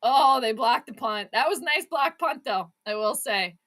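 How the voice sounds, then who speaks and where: A woman hosting a live watch-along sports commentary, chatting with viewers and breaking into excited, frustrated outbursts. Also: high voice, moderate pace. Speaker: fan channel host.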